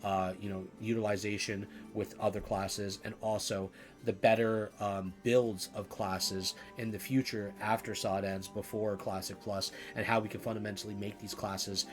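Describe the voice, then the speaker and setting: A man's voice: on the low side, little pitch movement, moderate pace, faint music behind. A man talking through game class changes in a loose, rambling way, full of "you know" fillers and restarts. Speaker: gaming video creator. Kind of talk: casual commentary to camera.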